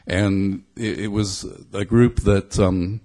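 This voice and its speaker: A man's voice: lowish voice, fairly even intonation, slow pace, mellow. A middle-aged man from Belfast giving a conversational sermon, reflective and thinking aloud as he goes. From Belfast, Northern Ireland. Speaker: preacher.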